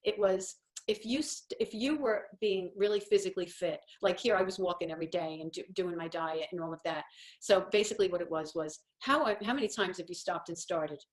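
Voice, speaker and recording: A woman's voice: lowish voice, brisk. A woman in her fifties hosting a casual coffee-talk monologue, telling stories in a rambling, self-deprecating way. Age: 50s. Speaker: host.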